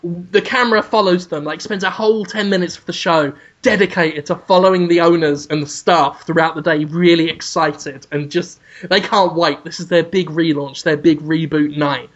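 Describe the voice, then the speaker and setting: A man's voice: high-pitched, a bit bright. Man telling a comic story. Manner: rambling, laughing at his own story. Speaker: podcast host. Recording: dull lo-fi podcast audio.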